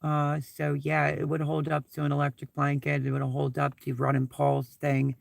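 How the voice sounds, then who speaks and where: A man's voice: on the high side, completely flat delivery, moderate pace, gravelly, no echo. A man hosting a casual live stream from inside his SUV, rambling through stories and repeating his thanks while he reads out viewer comments.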